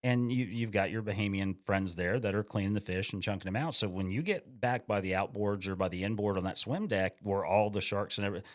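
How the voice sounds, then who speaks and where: Low-voiced man swapping fishing stories. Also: a little fast, hardly any pauses. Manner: stammering restarts, easygoing, repeats words. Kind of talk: casual storytelling chat.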